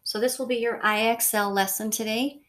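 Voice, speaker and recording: A woman's voice: fairly high pitch, fairly even intonation, normal speed, a bit bright. A woman teacher giving a recorded lesson to her class, patient and repetitive, checking in often with the listener. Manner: patient, repeats points, frequent okay and so.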